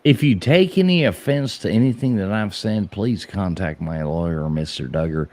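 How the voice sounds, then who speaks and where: A man with a deep voice that swings widely in pitch, chatting casually on a talk show. He jokes, curses freely and laughs often. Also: animated, moderate pace, darkish tone, dry recording. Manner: joking, laughs often, profane. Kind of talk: casual chat.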